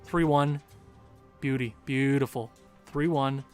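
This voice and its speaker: A man's voice: mid-range voice, steady tone, takes it slowly, a little mellow, smooth, soft background music. A man commentating his own hockey video game stream live, groaning and cheering at each goal, his voice wearing out. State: losing his voice. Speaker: gaming streamer.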